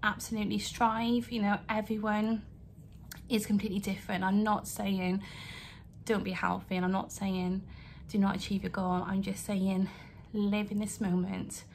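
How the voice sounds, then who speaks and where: A young woman talks to her camera from home in an earnest, rambling way, apologising as she goes. Her pitch sits in a middling range. A faint hiss of room noise stays under her voice. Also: flat delivery, moderate pace, vocal fry, a little mellow. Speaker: vlogger. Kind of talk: emotional vlog rant to camera. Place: home, indoors.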